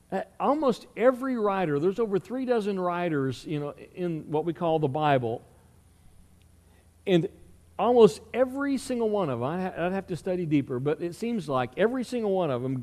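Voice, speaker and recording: A man's voice: high voice, a little mellow, long reverb tail. A middle-aged man preaching a sermon as pastor, telling stories and asking the congregation questions. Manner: conversational storytelling with rhetorical questions. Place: church sanctuary.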